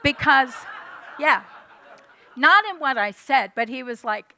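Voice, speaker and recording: A woman in her fifties giving a sermon, telling a personal story with animated delivery and acting out her own past lines. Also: fairly high pitch, a little slow, dry recording. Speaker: church speaker. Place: church hall.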